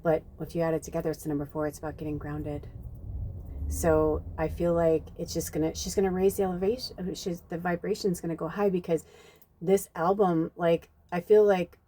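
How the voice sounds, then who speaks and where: Woman, mellow low voice, rambling spiritual reader, faint outdoor noise. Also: level tone, fairly quick. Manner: chatty, rambling, many fillers. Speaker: tarot reader. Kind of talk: channeled spiritual reading, casual talk. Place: outdoors at night.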